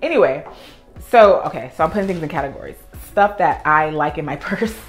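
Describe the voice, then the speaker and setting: A young woman, a professional organizer, telling an animated story in a vlog while she tidies, acting out her own past reactions. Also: low voice, fairly quick, soft background music.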